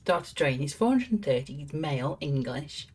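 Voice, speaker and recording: A woman's voice: deep voice, expressive, normal speed, darkish tone, breathy edge. A woman streamer giving chatty, amused commentary while playing a game. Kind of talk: live gameplay commentary.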